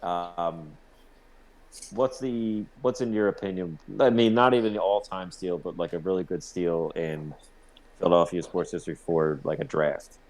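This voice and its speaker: A man's voice: deep voice, fairly even intonation, normal speed, darkish tone. A man co-hosting a casual sports podcast, swearing freely and laughing often while leading the discussion. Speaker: podcast co-host. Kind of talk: casual sports-talk chat.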